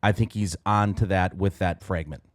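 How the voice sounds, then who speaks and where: A man hosting a podcast discussion who speaks in a measured, deliberate way. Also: sits low, fairly even intonation, no echo. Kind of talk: casual discussion.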